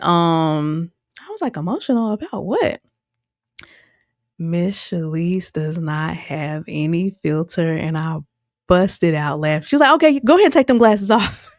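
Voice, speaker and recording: A woman's voice: low-pitched, darkish tone, no room sound, studio quality. A woman giving a casual, chatty recap of a reality episode, laughing often and acting out what others said. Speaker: show reviewer.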